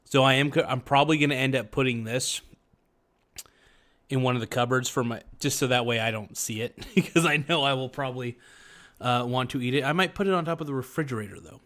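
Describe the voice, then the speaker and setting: Streaming from home, this man reads chat aloud in a mid-range, fairly bright voice that moves a little fast. His casual livestream talk is rambling, jokey and self-mocking.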